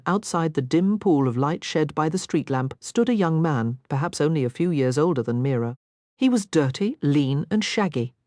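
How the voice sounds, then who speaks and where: A woman narrating a romance audiobook in an expressive, scripted reading. Her voice is low, yet it rises and falls in an animated way. The recording is close and dry, with no sound of the room. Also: dry recording.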